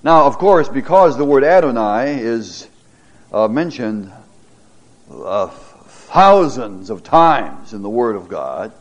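Slow, animated male Bible teacher. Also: medium pitch, lo-fi sound. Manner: dramatic scripture reading with stutters acted out; halting, repeats words with frequent fillers. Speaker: pastor teaching a Bible class. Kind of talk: Bible class lecture.

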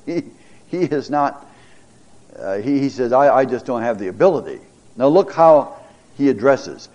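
A middle-aged man, a pastor, teaching a Bible class, reading scripture dramatically and pausing with fillers and repeated words. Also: mid-range voice, expressive, mellow, dull audio.

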